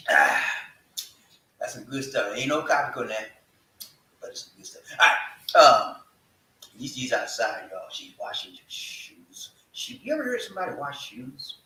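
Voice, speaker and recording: A Southern American man hosts a live stream, firing up viewers with call-and-response chants and the fervor of a preacher. His mid-range voice swings widely in pitch and sounds bright and forceful, though he takes his time and pauses often. The audio has an echoey room feel, with the mic placed at a distance.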